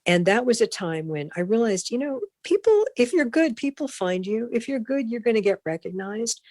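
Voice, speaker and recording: A middle-aged woman, a broadcast consultant, telling animated career anecdotes as a podcast guest and acting out the voices of people she quotes. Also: fairly high pitch, normal speed, no room sound. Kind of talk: storytelling in a podcast interview.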